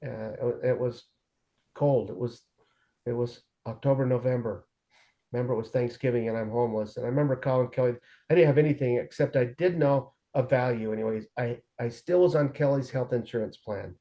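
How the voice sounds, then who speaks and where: A warm, mid-range voice at a fairly quick pace belongs to a middle-aged man recounting his recovery as an interview guest. He's frank about it and laces the personal story with humor at his own expense.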